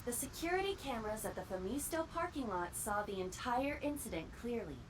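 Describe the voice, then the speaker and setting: Fields: Sex: AI assistant. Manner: precise, lively pitch. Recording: distant, under music. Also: female voice, a little fast, noisy background. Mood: matter-of-fact. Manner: precise, matter-of-fact. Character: cool, literal-minded female AI assistant. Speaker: game character.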